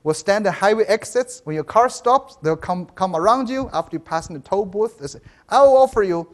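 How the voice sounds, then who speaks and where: A high-voiced man speaks briskly and lively while giving an education professor's keynote in a conference hall. He tells stories, asks the audience "right?", and restarts often.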